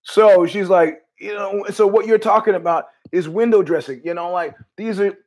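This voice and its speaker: A man's voice: sits high, normal speed. A man hosting his own show, telling rambling stories in a wry, profane monologue full of restarts. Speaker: podcast host.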